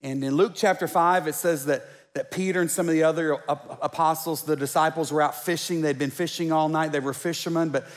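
A pastor with a high-pitched voice preaching to his congregation. He talks loosely, restarts his phrases again and again, and throws in joking asides. His voice trails off into a long church-hall reverb. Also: steady tone, fairly quick, hardly any pauses. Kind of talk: sermon.

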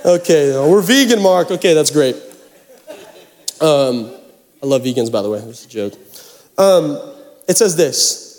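A man's voice: on the high side, animated, measured pace, pauses often, a little mellow. A man preaching a sermon, casual and joking as he talks straight to the congregation. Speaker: pastor.

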